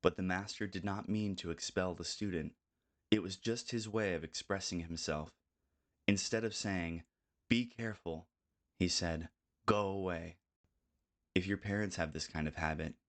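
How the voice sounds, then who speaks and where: Older male audiobook narrator, deep low voice, calm and measured delivery. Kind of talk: scripted narration.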